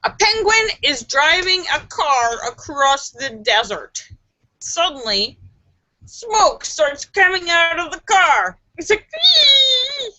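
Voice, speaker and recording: A woman hosts a relaxed joke session on a livestream, reading and telling jokes with playful, animated delivery. Her voice sits a little high and bright. She takes her time with each line. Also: takes it slowly, dry recording. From Los Angeles based. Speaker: livestream host.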